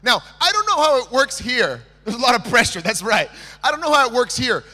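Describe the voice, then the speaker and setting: A lively speaker from Texas talks to a young audience, joking and throwing questions at the crowd. His voice is high and bright. It carries the long reverb of a large conference hall. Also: a little fast. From Texas, USA. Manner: energetic, playful, jokes and asks the audience questions. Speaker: motivational speaker. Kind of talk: comedic motivational talk to students.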